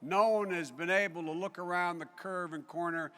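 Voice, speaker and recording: A man's voice: high-pitched, steady tone, normal speed. An older man giving a folksy convention speech, often raising his voice over an audience. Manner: loud, folksy, raises voice over applause. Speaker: political speaker. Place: large convention hall.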